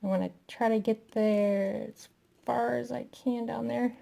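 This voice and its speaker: A woman with a gravelly, creaky voice walks slowly through a crafting tutorial, narrating as she works. She is a little out of breath, chatty and self-deprecating, with an unhurried pace. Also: fairly high pitch, fairly even intonation, warm tone. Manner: chatty, self-deprecating, talking while working.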